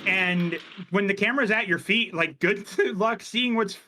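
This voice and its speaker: A man co-commentating a live video game race, animated, teasing and sarcastic. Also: sits high, measured pace, slight background noise.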